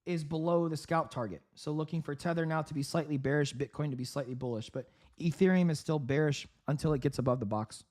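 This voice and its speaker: A man hosting a live trading stream, giving upbeat market commentary with frequent laughs, clearing his throat and coughing from a sore throat. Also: a little high, quick pace, few pauses, a little mellow. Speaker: trading livestream host.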